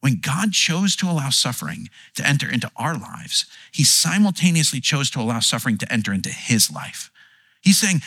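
A man's voice: medium pitch, sing-song, fairly quick, fairly bright tone, breathy edge, no echo. A man preaching a sermon, earnest and conversational, often restarting his words and acting out quotes. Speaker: pastor.

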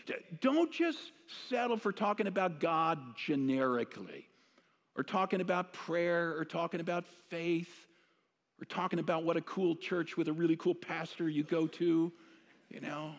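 A man's voice: fairly high pitch, moderate pace. A middle-aged male pastor giving a conversational sermon that rises to emphatic declarations. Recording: long hall reverb.

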